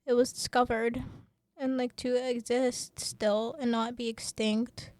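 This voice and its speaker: High-voiced passionate woman podcaster. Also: slow, no room sound. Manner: passionate ranting, then reading a script more calmly; many fillers and restarts. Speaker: podcast host. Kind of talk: student radio podcast talk.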